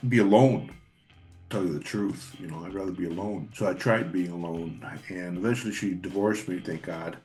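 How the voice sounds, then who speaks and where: Blunt, profane middle-aged man. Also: lowish voice. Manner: blunt, profane, rambling with repeats. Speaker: channel host. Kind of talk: casual personal monologue.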